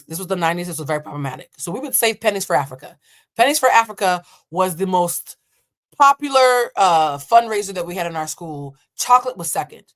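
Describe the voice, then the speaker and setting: A woman in her thirties, an emotional intelligence coach, telling a story in a blunt, profane way and acting out the people in it. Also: on the high side. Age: 30s. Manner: animated, blunt and profane, acts out quoted voices. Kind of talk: storytelling reaction commentary.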